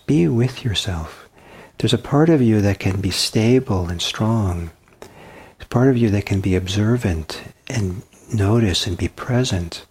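A man giving a dharma talk as a meditation teacher, soft-spoken and halting, with many pauses and restarts. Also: on the low side, breathy edge.

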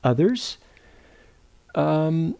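A middle-aged man giving a meditation teaching at a retreat center, speaking in an unhurried, thoughtful way, often pausing to correct himself. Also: fairly high pitch, sing-song, creaky, warm tone, smooth. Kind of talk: dharma talk.

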